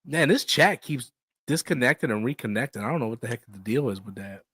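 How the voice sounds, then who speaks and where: A man's voice: medium pitch, lively intonation, fairly quick, a bit bright, husky, dry recording, studio quality. A man hosting a casual live chat, blunt and slangy, laughing often. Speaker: livestream host.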